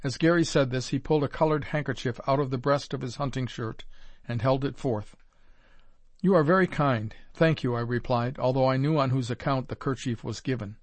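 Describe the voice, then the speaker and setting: A man narrating a first-person adventure audiobook in a measured, formal storytelling manner. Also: medium pitch, fairly even intonation, dry recording.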